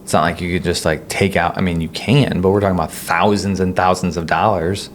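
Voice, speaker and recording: A podcast co-host with a very low voice tells stories around a relaxed kitchen table, talking a little fast in a loose, rambling way. His casual chat is full of fillers and restarts, and a faint hum of room noise sits behind him.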